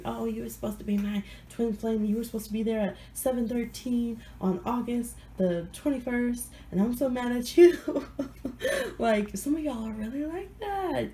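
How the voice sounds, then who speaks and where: A woman's voice: fairly low pitch, vocal fry, mellow, slight background noise, rough recording. A woman giving a casual pick-a-card tarot reading while a little sick, chatty and playful, laughing often between points. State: under the weather, sick voice.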